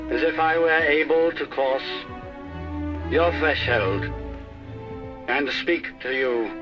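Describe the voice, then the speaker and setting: A solemn king on the radio. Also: fairly high pitch. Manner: slow, measured, solemn delivery. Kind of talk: film scene, formal speech. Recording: dull lo-fi film clip with music.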